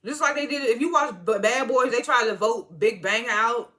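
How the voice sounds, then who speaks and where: A woman's voice: a little high, normal speed. A woman giving a casual, slangy recap of a TV show, talking animatedly and often breaking into laughter. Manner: animated, slangy, swings into loud excited retellings; frequent laughs and filler words. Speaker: TV show reviewer.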